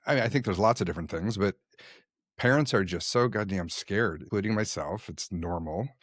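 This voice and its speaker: Male podcast host, low voice, dry close mic; reflective, conversational. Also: a little fast, a bit bright, no room sound. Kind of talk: casual interview conversation.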